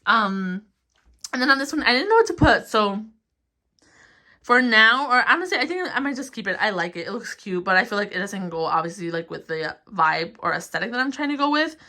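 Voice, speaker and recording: In a very animated, a little fast, medium-pitched voice that sounds pushed and bright, a young woman in her twenties leads a rambling tour of her small bedroom. The vlogger is a bit breathless, giggles often, and fills gaps with ums and likes.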